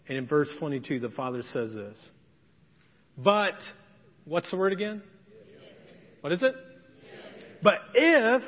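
A man's voice: fairly high pitch, animated, a little slow, pauses often. A man preaching a sermon as pastor, dramatic, acting out the voices of the people in his story. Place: church sanctuary. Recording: dull, long church reverb.

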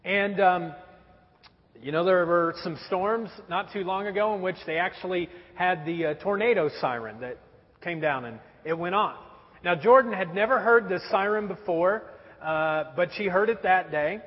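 A man in his thirties preaching a sermon, telling stories about his young children in a lively storytelling way. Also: high voice, normal speed. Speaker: pastor. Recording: dull recording in a reverberant hall.

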